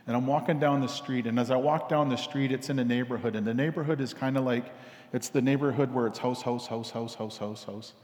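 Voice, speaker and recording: A man's voice: medium pitch, steady tone, fast, darkish tone. Rambling man in an echoing hall. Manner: repetitive, casual, many fillers. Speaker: speaker telling a parable. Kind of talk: rambling storytelling sermon. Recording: long hall reverb.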